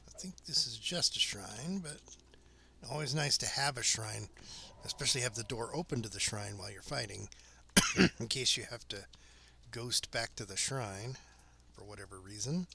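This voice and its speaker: A man streaming a fantasy online game, giving relaxed, casual commentary with dry asides and chuckles. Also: medium pitch, normal speed, creaky, a little hiss or hum.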